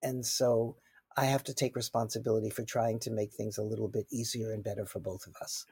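A man's voice: fairly low pitch, level tone, brisk, a little mellow, husky, no echo, clean studio sound. A man from New York with a New York accent, giving earnest, explanatory answers as a guest expert in an interview. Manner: earnest, explanatory, self-deprecating. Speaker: guest expert on cross-cultural communication.

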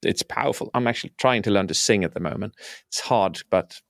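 A man's voice: lowish voice, a little fast, no echo, studio quality. A man who works as a speaking coach, explaining his methods earnestly in a conversational interview.

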